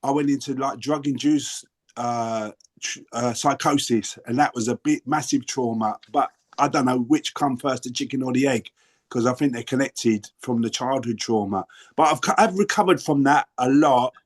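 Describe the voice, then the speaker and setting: A man's voice: medium pitch, normal speed. Older London man sharing at length. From England. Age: 60s. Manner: rambling, self-interrupting, earnest. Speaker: workshop participant. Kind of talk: casual sharing on a video call.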